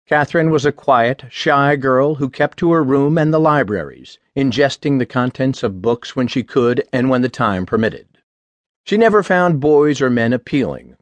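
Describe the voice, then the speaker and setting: A man reading an audiobook in a measured, even scripted narration. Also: medium pitch, dry recording.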